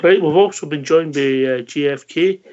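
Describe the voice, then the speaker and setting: A man's voice: fairly high pitch, moderate pace, darkish tone. A man hosting a fan radio phone-in, greeting callers in a friendly way and calling them mate. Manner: friendly, calls people mate. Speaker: host. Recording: dull lo-fi audio.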